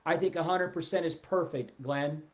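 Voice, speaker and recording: Man, casual live-stream sales trainer, slightly high voice, lively rise and fall, middle-aged. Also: moderate pace. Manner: animated, voice rising and falling, reading viewer comments. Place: indoors, seated in a chair. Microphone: webcam or phone at a desk, seated.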